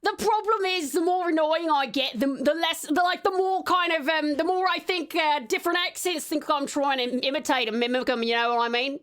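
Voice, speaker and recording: A woman's voice: high-pitched, normal speed, fairly bright tone. An Australian woman chatting casually with her live-stream chat, rambling and laughing often. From Tasmania, Australia. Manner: giggly, rambling, reacts to chat.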